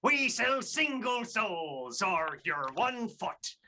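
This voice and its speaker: Man as peg-leg pirate huckster, very bright, slow. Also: sits high, very animated, full character voice. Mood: playful. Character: peg-legged male pirate shoe seller. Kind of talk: online improv game.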